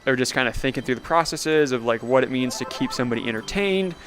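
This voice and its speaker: A man's voice: mid-range voice, lively intonation, quick pace, a bit bright. A young man streaming a VR game live, commenting sarcastically and laughing often. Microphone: VR headset mic.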